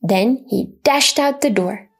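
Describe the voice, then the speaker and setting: A woman narrating a religious children's story in a slow, expressive, reverent manner. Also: fairly high pitch, creaky, noisy background.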